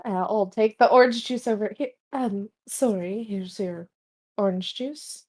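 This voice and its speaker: A woman's voice: medium pitch, a little slow, darkish tone. A woman playing a tabletop game, talking through ideas hesitantly, with plenty of fillers. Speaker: player. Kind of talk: casual tabletop game play.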